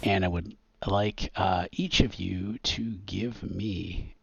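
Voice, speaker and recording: A man narrating a tabletop superhero game as game master, halting with many pauses and fillers. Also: low-pitched, fairly even intonation, gravelly, husky, no room sound, highs cut off. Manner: halting, many ums and restarts.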